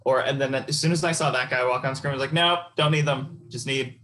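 Man, podcast co-host, relaxed jokey banter, faint hiss behind. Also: medium pitch, a little fast. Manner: chatty, laughing, joking. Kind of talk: casual chat.

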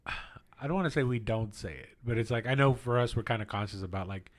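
A man co-hosting a podcast, explaining things in a relaxed, trailing way. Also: medium pitch, brisk. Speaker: podcast co-host. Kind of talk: casual chat.

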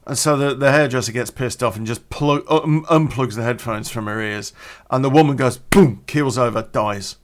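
A man's voice: medium pitch, moderate pace. A man hosting his own storytelling podcast, talking in a rambling, chatty way and laughing at his own jokes. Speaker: podcast host. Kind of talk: casual storytelling podcast intro.

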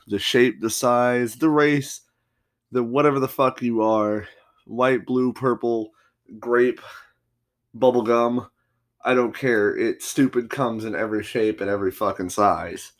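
A man's voice: medium pitch, steady tone, unhurried. A man hosting a solo podcast, telling stories in a rambling, profanity-filled, combative rant. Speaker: podcast host.

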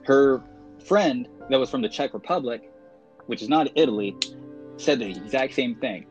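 A man's voice: mid-range voice, expressive, moderate pace. A man as a podcast guest in casual chat, a talkative storyteller who speaks properly with many fillers. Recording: dull lo-fi podcast audio with music.

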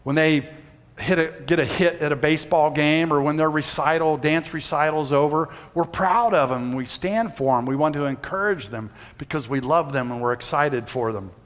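A man's voice: fairly high pitch, moderate pace. A man, preaching a sermon and telling a personal story in a folksy way. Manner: folksy storytelling, shouts when reenacting. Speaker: pastor. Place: church sanctuary. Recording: reverberant church hall.

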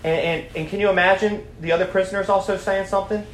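Speaking fast with hardly any pauses, a young adult man leads a student Bible study, animatedly preaching, asking questions and reading scripture. His voice sits high, is a bit bright and keeps fairly even intonation. The echoey room carries faint background noise.

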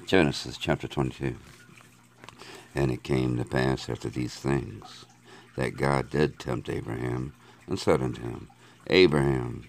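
Extremely deep-voiced man reading scripture. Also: vocal fry. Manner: measured, steady reading of archaic scripture. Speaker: Bible reader.

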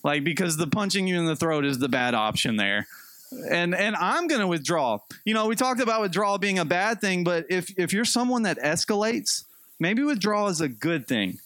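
A young male pastor with a high voice, preaching in a lively, animated way and acting out the people he quotes. The sound is dry and close, with no room around it. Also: normal speed, no echo. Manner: animated, acts out quotes with a jumpy pitch. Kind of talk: sermon.

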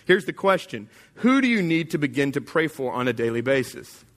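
A man's voice: medium pitch, very animated, fairly quick. A man pastor preaching a sermon to his congregation in an emphatic, casual and plain-spoken way.

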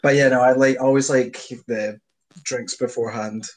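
A man's voice: medium pitch, fairly even intonation, normal speed, poor audio. A young man with a Scottish accent, co-hosting a podcast over the phone. He chats casually, rambles and laughs often. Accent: Scottish, west of Scotland. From Scotland. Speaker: podcast co-host. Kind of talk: casual chat.

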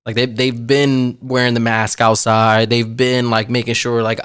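A man's voice: mid-range voice, level tone, moderate pace, fairly bright tone, clear, resonant tone, dry recording, studio quality. A man in casual group chat, slangy and teasing, often restarting his sentences.

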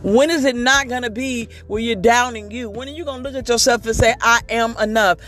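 A woman delivers an inspirational monologue in a preachy, emphatic manner. She speaks candidly and builds rhythm by repeating her phrases. Faint music plays softly behind her. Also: fairly high pitch, fairly quick. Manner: candid and confessional. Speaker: motivational speaker.

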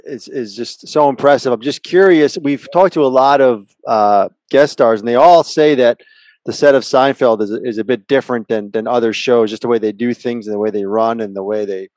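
A man co-hosting an interview, eager and halting, with many restarts and fillers. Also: medium pitch, darkish tone, no room sound. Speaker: podcast co-host. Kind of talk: casual interview chat.

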